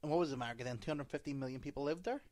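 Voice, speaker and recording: A man's voice: medium pitch, very fast, darkish tone, no room sound. A young Northern Irish man co-hosting a podcast, sardonic and crude in casual banter. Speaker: podcast co-host.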